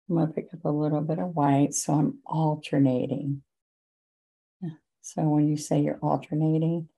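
A woman teaching a painting lesson, giving gentle, chatty step-by-step guidance as she works. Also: low voice, vocal fry, breathy edge, rough recording. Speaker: painting instructor. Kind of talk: relaxed painting demonstration.

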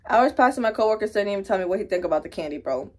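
A woman's voice: medium pitch, lively intonation, rapid-fire. A young woman in her twenties talking through her day in a casual vlog, candid and full of slang and swearing. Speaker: vlogger.

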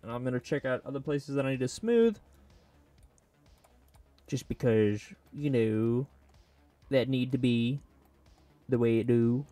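A creator of 3D sculpting videos chats away to himself while building a model, drifting between topics and making jokes. He has a warm, mid-range voice, speaks at a measured pace and pauses often. The recording is dry, with soft music in the background.

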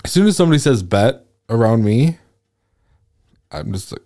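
A man's voice: fairly low pitch, moderate pace, warm tone. A man co-hosting a podcast, chatting casually and dropping wry quips. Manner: wry quips and dry asides. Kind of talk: casual chat.

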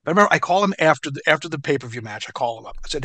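A man who is a guest in an interview, telling a story in an animated, profane way. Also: a little high, racing, hardly any pauses, no echo.

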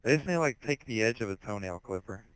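A teenage boy in casual online voice chat on a headset, rambling crudely with heavy swearing and sudden shouted outbursts. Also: lowish voice, expressive, fast, clean tone, no room sound, low-quality recording. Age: teens.

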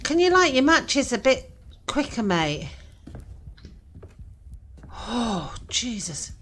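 A woman's voice: a little high, sing-song, takes it slowly, slight background noise. A woman giving nervous, jumpy commentary while playing a horror game, swearing and laughing at her own frights. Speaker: gaming channel host.

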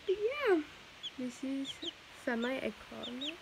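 A woman's voice: on the high side, a little slow. Rambling young woman, noisy home video. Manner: rambling, many fillers and restarts. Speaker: vlogger. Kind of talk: casual vlog chat.

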